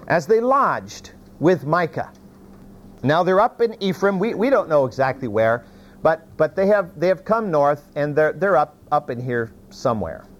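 A man teaching a sermon on a Bible passage, telling it as a story in a folksy, animated way with many restarts. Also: fairly high pitch, highs cut off.

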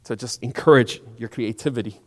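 A man pastor preaching a sermon in a church, animated and acting out the people in his story. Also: mid-range voice, a little fast. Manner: animated, acts out quoted voices. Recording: long church hall reverb.

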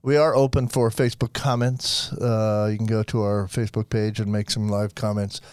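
A man's voice: fairly low pitch, little pitch movement, moderate pace, darkish tone, clean tone, no room sound. A man hosting a podcast, chatty and teasing as he reads listener comments and steers the talk. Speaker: podcast host. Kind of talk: casual chat.

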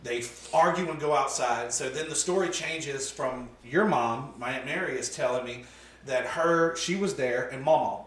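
A man telling family stories in a casual, profane, animated chat, often laughing. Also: mid-range voice, normal speed. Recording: roomy sound from a distant mic, faint noise.

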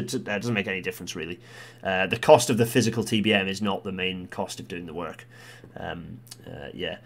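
A man's voice: mid-range voice, fairly bright tone. A Scottish man doing live commentary, reading a report aloud and reacting with exclamations as he answers viewer comments. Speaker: livestream commentator on transport policy.

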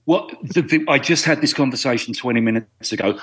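A man's voice: mid-range voice, fairly quick, a bit bright, husky. A British man, a guest actor, chatting casually in a podcast interview and telling dry, self-deprecating stories. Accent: British English. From Britain.

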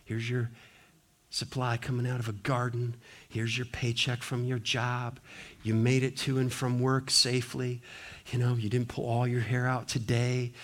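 A man voicing God in a soft, unvoiced whisper, quietly listing everyday blessings in a whispered role-play. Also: medium pitch, completely flat delivery, measured pace, pitched below the performer's own voice. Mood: gentle. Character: God whispering gentle reassurances, male.

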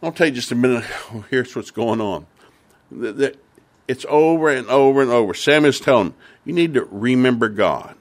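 A man's voice: mid-range voice, moderate pace. Earnest male preacher retelling scripture. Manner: earnest, repetitive emphasis, rising to fervent. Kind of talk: sermon retelling a Bible story.

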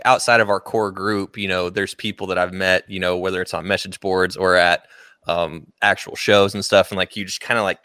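A man's voice: lowish voice, a bit bright, no room sound, studio quality. Laid-back slangy man on a podcast. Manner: laid-back, slangy, swears casually, quick reactions. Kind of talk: casual podcast chat.

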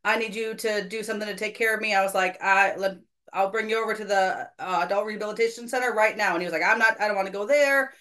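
A woman's voice: mid-range voice, fairly even intonation, fast talker, sharp tone. A woman hosting a faith podcast, telling a personal church story in casual conversation, earnest and self-deprecating.

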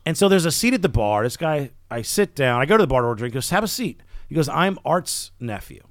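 A man's voice: medium pitch, big pitch swings, fast, no echo, clean studio sound. A man hosting a podcast, telling a story in casual chat and acting out the people he quotes. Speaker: podcast host.

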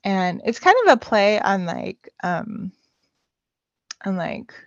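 A woman's voice: mid-range voice, slow, dry recording. A woman chatting casually as a podcast guest, hesitant and full of filler sounds. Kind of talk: casual chat. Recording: dull lo-fi dry sound.

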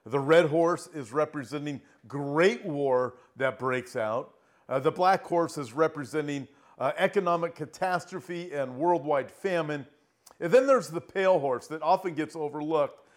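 A middle-aged man preaching an earnest prophecy sermon, slowing down and rising in pitch as he reads scripture aloud. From Southern California. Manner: earnest, emphatic, slows down and rises when reading scripture.

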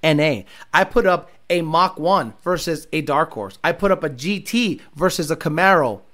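A man hosting a car channel, ranting at viewer comments in a mocking, profane way. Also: moderate pace. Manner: mocking, profane, swings between low mutters and loud jabs.

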